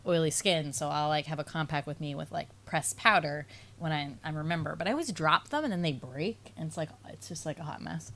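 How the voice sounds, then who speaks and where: A young adult woman co-hosting a podcast, excitable and quick to jump in with asides. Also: low voice. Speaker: podcast co-host. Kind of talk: casual chat.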